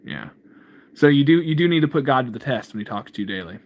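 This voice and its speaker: Talking quickly in an animated, medium-pitched voice, a man hosts an informal livestream on faith, going through viewer comments and replying. His delivery wanders loosely, with frequent chuckles and a habit of saying "man."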